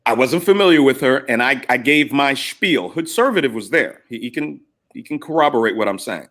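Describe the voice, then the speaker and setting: A middle-aged man telling stories in a casual chat, animated and acting out both sides of past arguments. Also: medium pitch, a little fast. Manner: animated, retells arguments in quoted voices. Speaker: podcast guest. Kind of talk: casual storytelling.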